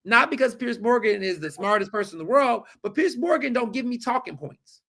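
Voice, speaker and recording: A man talking as a podcast guest in casual chat, emphatic and animated, repeating points for effect. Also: extremely high pitch, a little fast, creaky.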